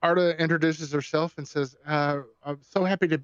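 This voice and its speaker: A man narrating as game master of a tabletop game, pausing often with ums and restarting his sentences. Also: a little high, steady tone, clear, resonant tone, no room sound. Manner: halting, many ums and restarts while describing scenes. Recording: dull lo-fi dry sound.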